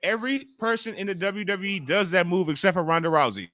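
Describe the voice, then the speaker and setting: A man in his forties hosting a livestream, giving loud, profane, excitable commentary at home while watching wrestling. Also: high voice, fast, no echo. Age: 40s. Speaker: livestream host.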